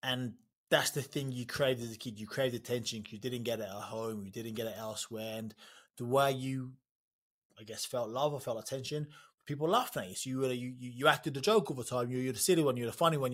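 A man's voice: medium pitch, brisk. Emotional man hosting a podcast. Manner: emotional, warm-hearted, repeats words often. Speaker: podcast host. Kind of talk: interview.

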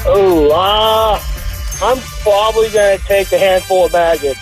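A man's voice: high-pitched, measured pace, soft background music, poor audio. Hesitant male radio caller. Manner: hesitant, unsure. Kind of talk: phone-in quiz contestant.

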